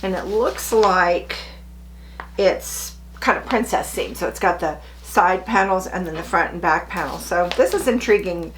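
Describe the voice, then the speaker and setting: A middle-aged woman talks casually to her camera as a sewing vlogger, chirpy and a little self-deprecating. A faint hum sits quietly behind her voice. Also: fairly low pitch, unhurried.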